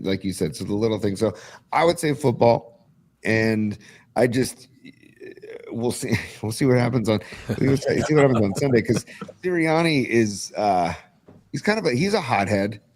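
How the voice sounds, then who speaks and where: A man with a lowish voice hosts a casual sports talk stream. He is opinionated and gets worked up, piling on fillers and restarting his sentences as he makes his case. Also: expressive, moderate pace, darkish tone. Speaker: podcast host.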